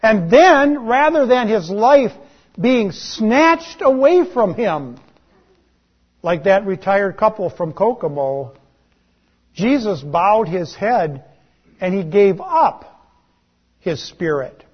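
A man preaching a sermon in a slow, deliberate way, letting his voice drop on key words. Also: high-pitched, very animated, breathy edge, muffled recording. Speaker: pastor.

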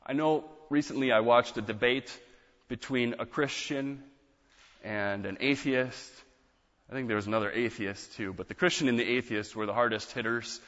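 A man's voice: mid-range voice, normal speed, a bit bright. Man, pastor, sermon, earnest, emphatic, long hall echo, dull lo-fi sound.

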